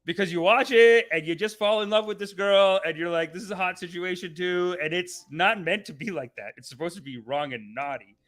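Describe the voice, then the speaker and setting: A man hosting a casual live stream, rambling and swearing excitably, often laughing mid-sentence. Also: high-pitched, a little fast, few pauses. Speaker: host.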